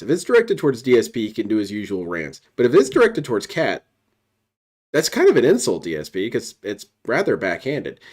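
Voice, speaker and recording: A man's voice: lowish voice, darkish tone. A man giving dry, mocking commentary while reacting to a played stream clip.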